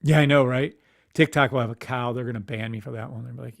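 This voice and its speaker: A man's voice: medium pitch, steady tone, fast talker, creaky. A man hosting a casual live stream, ranting animatedly with swearing and muttering to himself at his computer. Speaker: livestream host.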